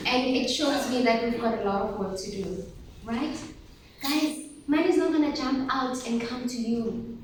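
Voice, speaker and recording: Speaking at a normal pace in a fairly high voice, a woman gives an animated motivational workshop talk to a live group of teenage girls, asking them questions and calling for their replies. The room is very echoey, she sounds far off, and there's faint noise.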